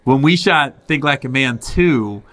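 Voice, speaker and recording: A man hosting a podcast, telling animated stories in casual chat and breaking into high laughing impressions. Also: unhurried. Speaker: podcast host, comedian.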